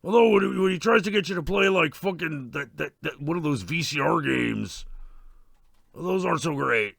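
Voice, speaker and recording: A man doing a gravelly, foul-mouthed slasher. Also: a little high, animated, moderate pace, fairly bright tone, no room sound, clean studio sound, heavily acted. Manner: rambling, swearing, irritable rants. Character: crude, excitable masked slasher killer, male adult. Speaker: stream host in character. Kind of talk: in-character comedy Q&A.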